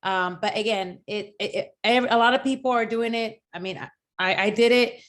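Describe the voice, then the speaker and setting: A woman's voice: fairly high pitch, normal speed, fairly bright tone. A woman recovering from surgery who talks earnestly and encouragingly on a video call from her couch, repeating her key points. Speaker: mastermind group member. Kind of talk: candid personal sharing on a video call. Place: home, on a couch.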